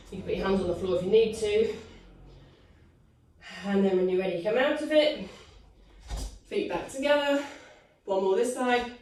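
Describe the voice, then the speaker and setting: Winded pilates teacher on a video call, counting and cueing from across a very echoey room. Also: female voice, on the high side, a little mellow. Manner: counts reps aloud, upbeat encouraging cues. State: out of breath. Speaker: pilates instructor. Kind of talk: live online fitness class cueing. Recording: echoey room, distant from mic.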